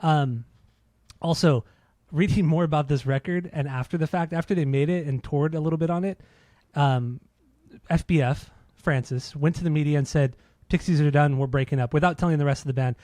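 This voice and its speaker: A man's voice: fairly high pitch, brisk, darkish tone, no echo. A man co-hosting a casual music podcast, laid-back and swearing, laughing often. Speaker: podcast co-host.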